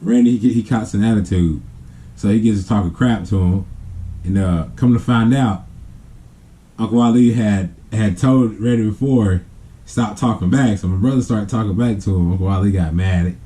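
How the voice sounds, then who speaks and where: Speaking at a moderate pace with a warm, fairly low voice, a man shares a family story for his vlog. His telling is loose and meandering, packed with fillers and false starts.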